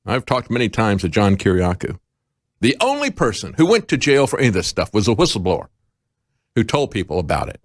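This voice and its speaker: A man's voice: lowish voice, wildly swooping pitch, fairly quick, no room sound. A middle-aged man hosting a news commentary show, talking in an impassioned, emphatic way that climbs to indignant peaks. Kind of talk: talk radio commentary.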